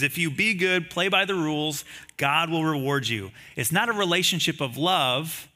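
A man delivering a sermon as a pastor, his voice very bright and a little high for a man. He talks to the congregation conversationally, leaning on rhetorical questions. He acts out the lines of the people in the story with animated storytelling. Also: moderate pace.

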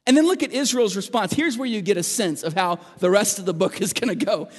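A man preaching a sermon as pastor, moving between emphatic and hushed delivery. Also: high voice, fast, long reverb tail.

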